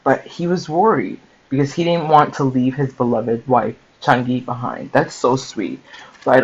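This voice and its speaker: A man's voice: medium pitch, unhurried, darkish tone, slightly rough, highs cut off. Chatty man reading a book aloud. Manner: conversational, checks in with "okay?" and "right?", thinks aloud. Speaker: book-sharing host. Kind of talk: reading aloud with casual commentary.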